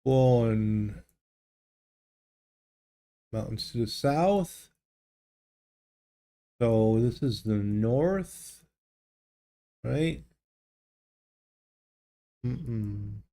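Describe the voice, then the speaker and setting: A man's voice: mid-range voice, lively intonation, extremely slow, pauses often, mellow. A man live-streaming a geography guessing game, thinking aloud and chatting casually with his viewers. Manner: thinks aloud, muses and answers viewers' chat. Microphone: desk microphone.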